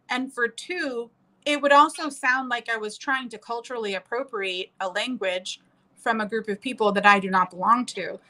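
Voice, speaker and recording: Bright, chatty young woman. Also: fairly high pitch, poor audio. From New Orleans, USA. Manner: chatty, laughs often, swears casually. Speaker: streamer doing makeup. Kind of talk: casual chat while doing makeup.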